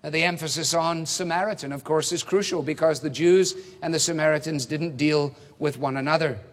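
A man preaching an expository sermon, measured and emphatic, posing rhetorical questions. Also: a little high, fairly even intonation. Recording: reverberant hall.

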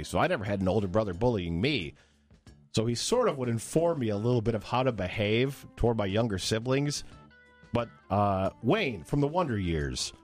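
A middle-aged man talking through a casual countdown with a lively, swooping voice that rises and falls a lot. He tells his stories with energy, jumping into quoted voices as he goes, and faint music plays softly behind him. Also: on the low side. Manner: animated storyteller, jumps into quoted voices. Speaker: co-host.

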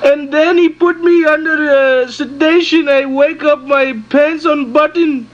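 A prank caller playing a distressed male cab driver with ruined teeth, in halting broken English and panicky wails. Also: high voice, fairly even intonation, lo-fi sound. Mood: wailing. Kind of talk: prank phone call.

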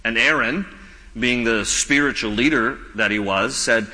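Bright-voiced preacher man in a hall. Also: mid-range voice, unhurried. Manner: animated, joking asides, voices complaining crowds. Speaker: pastor. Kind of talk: sermon.

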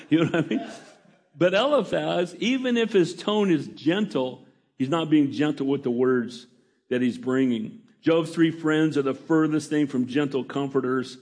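A man's voice: a little high, moderate pace, a little mellow, husky. A middle-aged male pastor preaching a folksy sermon, reading scripture and asking the congregation for amens.

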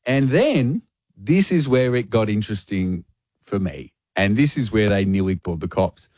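A man, a radio host telling a story in lively, self-mocking chat and acting out the quotes. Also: on the low side, normal speed, no echo, clean studio sound.

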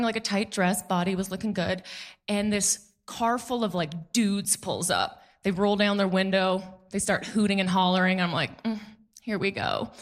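A woman in her thirties performing a stand-up comedy set on a club stage, animated and quick to mimic people in her stories. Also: mid-range voice.

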